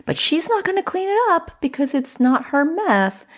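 A woman's voice: high-pitched, big pitch swings, normal speed, pitched above the performer's own voice. A woman voicing a young child who is stubborn and whiny about cleaning up. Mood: reasoning.

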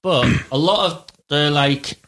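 A man's voice: fairly high pitch, unhurried. A man chatting casually as a podcast co-host, retelling a show with acted-out quotes and frequent laughter. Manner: animated storyteller, acts out quotes, laughs often. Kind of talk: casual chat.

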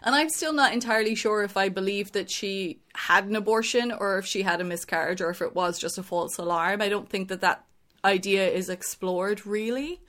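A woman's voice: medium pitch, normal speed, a bit bright. A young woman in casual chat, talking in long runs with many restarts.

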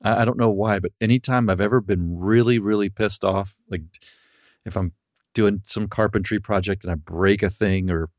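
A man's voice: fairly low pitch, steady tone, moderate pace, darkish tone, no room sound, studio quality. A man hosting a podcast, telling loose stories in casual talk and swearing now and then. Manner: loose storytelling, swears, laughs easily. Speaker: podcast host. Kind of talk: casual chat.

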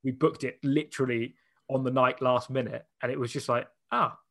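A young man, chatting as an interview guest, talking in a loose, animated way full of "like"s and restarts. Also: mid-range voice, fairly quick, no echo, clean studio sound. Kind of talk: casual conversational interview.

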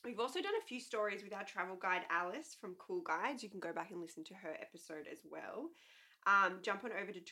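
A woman co-hosting a podcast in casual chat, her voice hoarse and nasal from a cold, chatty and quick to laugh. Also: medium pitch, animated, bright, forceful tone. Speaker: podcast co-host.

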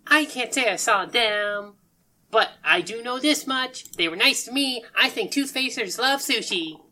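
A woman's voice: a little high, measured pace, pitched above the performer's own voice. A woman voicing a cheerful, oddball young male sushi maker who talks breezily about grim things. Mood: friendly. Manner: chirpy, rambling, a bit deadpan about grim things.

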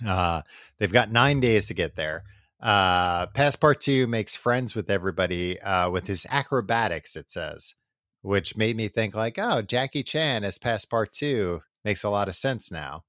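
A young adult man co-hosting a podcast, rambling through a book's plot and tossing off quick character voices. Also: lowish voice, lively intonation, fairly bright tone, no echo, studio quality. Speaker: podcast co-host. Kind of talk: casual chat, recapping a book.

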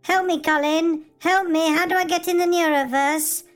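Casting: a man putting on a frail, confused old lady, very high and quavering, pleading. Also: fairly even intonation, moderate pace, soft background music. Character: confused old woman calling everyone mother.

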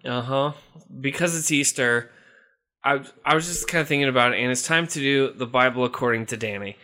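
A man with a mid-range voice and a sharp tone hosts a casual chat, speaking a little fast. He rambles and chuckles as he goes, frequently interrupting himself to restart sentences.

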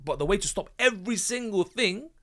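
A man who is a business founder and guest on a podcast, talking in a fervent, animated way and restarting his sentences often. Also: high-pitched, a little fast. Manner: animated and fervent, many restarts, rising sharply when excited. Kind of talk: casual podcast conversation.

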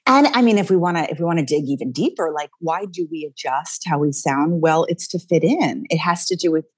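A woman, a dialect coach talking energetically as a guest, thinking out loud with quick restarts. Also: low-pitched, husky, no echo, clean studio sound. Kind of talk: casual interview chat.

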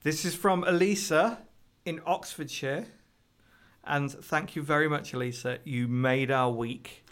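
A man co-hosts a casual comedy podcast. His voice is a touch high, and his remarks come dry and teasing. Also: a little slow, a bit bright. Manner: wry, teasing, laughs between lines. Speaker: podcast co-host.

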